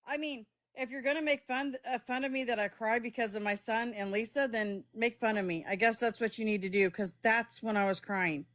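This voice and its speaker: A woman's voice: a little high, fairly even intonation, fairly quick, few pauses, a bit bright. Heated middle-aged woman live streamer. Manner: heated, defensive, swears, talks straight to chat. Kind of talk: live-stream chat with viewers.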